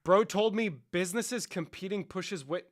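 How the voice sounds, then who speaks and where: A man's voice: high-pitched, normal speed. A young adult man streaming live, chatting casually with his chat in a profane, rambling and joking way. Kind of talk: casual livestream chat, answering chat.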